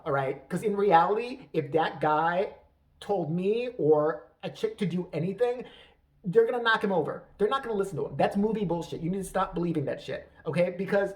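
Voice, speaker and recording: A man's voice: high-pitched, distant mic. A man hosting a podcast, ranting in a profane, self-mocking, comedic way. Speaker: podcast host. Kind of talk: casual comedic rant.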